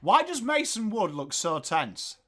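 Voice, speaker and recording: Excitable English man calling football. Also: high voice, a little slow. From England. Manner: excitable, jokey, bursts into loud calls of the play. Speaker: watchalong host. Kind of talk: live football commentary and chat with viewers.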